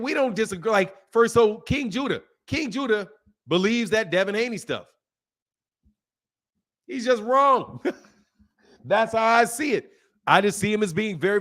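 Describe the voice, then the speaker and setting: A man hosting a boxing channel, talking in a casual, opinionated way, animated and laughing often as he answers his chat. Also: sits high.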